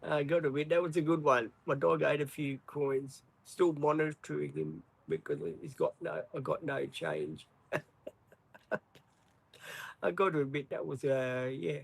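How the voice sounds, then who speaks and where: A man's voice: a little high, animated, normal speed, vocal fry, rough recording. An Australian man hosting a livestream, chatting casually, apologetic and rambling with many ums. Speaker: livestream host. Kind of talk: casual live-stream chat.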